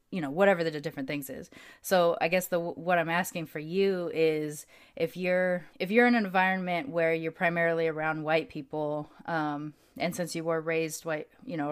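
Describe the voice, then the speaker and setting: A woman from the United States speaks in a low voice, reflecting and thinking aloud, with fillers scattered through her sentences. She is talking over a video call as a podcast guest. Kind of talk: casual conversation.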